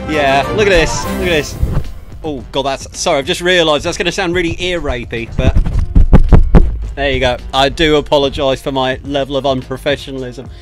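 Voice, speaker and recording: A man hosting a livestream, chatting casually and self-deprecatingly as he greets viewers one by one, close to a desk microphone. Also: a little high. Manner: chatty, self-deprecating, frequent laughs and thank-yous. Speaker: livestream host. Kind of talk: casual chat to stream viewers.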